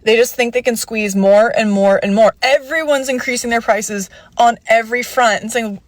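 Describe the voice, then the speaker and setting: A woman's voice: fairly high pitch, steady tone, normal speed, no echo. A woman speaking to camera in a sarcastic, exasperated way.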